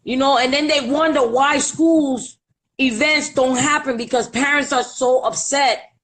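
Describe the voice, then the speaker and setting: A mother being interviewed, retelling her school troubles in an indignant, animated way. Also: sits high, a little slow. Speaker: mother of bullied children. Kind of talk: casual interview.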